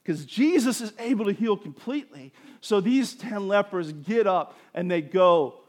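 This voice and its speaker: A man preaching a sermon, building to emphatic bursts and dropping to quieter explanation. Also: sits high, lively intonation, unhurried. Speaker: pastor.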